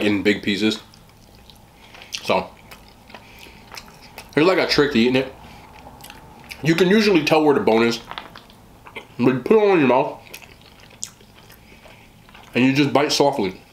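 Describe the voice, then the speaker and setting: A man's voice: mid-range voice, expressive, moderate pace, pauses often, reverberant. A man hosting a casual eating vlog, chatting with his mouth full about the food. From West Indian family. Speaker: mukbang host.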